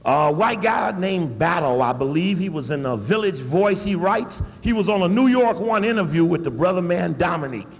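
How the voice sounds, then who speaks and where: A man giving an animated, emphatic public talk with blunt asides. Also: high-pitched, moderate pace, hardly any pauses, long reverb tail. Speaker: public speaker.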